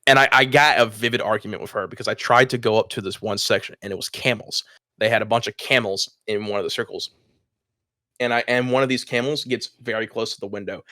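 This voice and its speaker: A man's voice: lowish voice, quick pace, dry recording, clean studio sound. A young man co-hosting a podcast, telling a story in casual chat with lots of swearing and laughter. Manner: animated, swears often, laughs mid-story. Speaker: podcast co-host.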